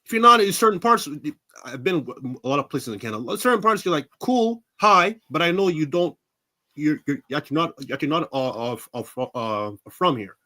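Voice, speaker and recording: A man from New York City, a wrestler guest, telling stories in a casual interview, animated, acting out the voices he quotes and laughing often. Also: a little high, moderate pace.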